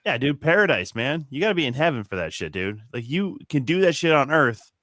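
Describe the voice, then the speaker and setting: A man co-hosting a casual podcast, talking quickly and bluntly and teasing the others. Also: medium pitch, sing-song, fairly bright tone. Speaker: podcast co-host. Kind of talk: casual chat.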